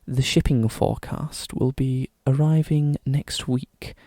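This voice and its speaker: A man putting on a slow, pompous posh announcer voice for comic readings. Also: mid-range voice, completely flat delivery, no echo, lightly acted. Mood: mock-posh. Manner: slow, measured, overly formal.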